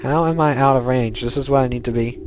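A gaming video host gives casual, rambling let's-play commentary while he plays, chatty and self-correcting as he often restarts sentences. His voice is mid-range and quick, against a noisy background.

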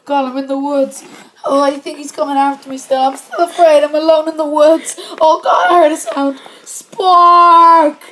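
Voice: high voice, fairly even intonation, moderate pace, bright, forceful tone, a little hiss or hum, poor audio. A performer voicing a terrified male pet patient in a homemade toy movie, moaning and whispering in fear. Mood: panicky.

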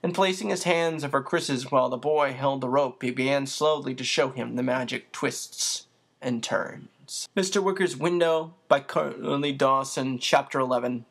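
Steady audiobook narrator. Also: mid-range voice, normal speed, vocal fry, breathy edge. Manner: steady, even storytelling with an occasional small slip. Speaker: audiobook reader.

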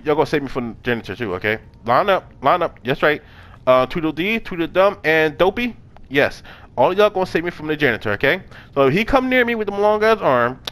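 A man's voice: sits high, a bit bright. A young man giving casual let's-play commentary, chatting to the game characters in slang and swearing often. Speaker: gaming channel host.

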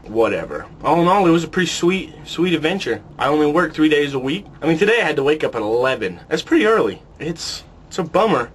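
A man's voice: a little high, big pitch swings, fast, hardly any pauses, a little hiss or hum. Crude, boastful young man ranting to camera. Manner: crude, boastful, swears constantly; lazy slacker drawl with smug asides. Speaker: comedy vlogger in character. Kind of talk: comic character monologue to camera.

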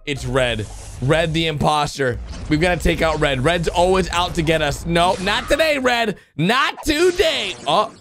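A man doing excited reaction commentary over cartoon clips, swinging between loud cheering and low worried muttering. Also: normal speed, soft background music. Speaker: gaming commentator reacting to animations.

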